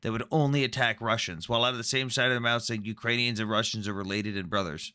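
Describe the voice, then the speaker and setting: A man's voice: medium pitch, steady tone, fast talker, pushed and bright, clear, resonant tone. A man hosting a casual online debate, talking bluntly and sarcastically with frequent swearing. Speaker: debate host.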